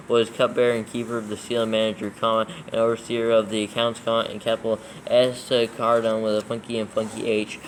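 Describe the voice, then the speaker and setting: During a proofreading session, a man reads scripture aloud, steadily spelling out every punctuation mark and capital letter as he dictates. His pitch is fairly low, and the poor audio has a little hiss or hum.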